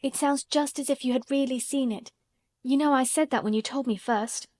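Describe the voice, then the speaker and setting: Woman voicing a frail, excitable young boy. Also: high voice, moderate pace, voice pushed up. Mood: enraptured. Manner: eager, breathless, pleading.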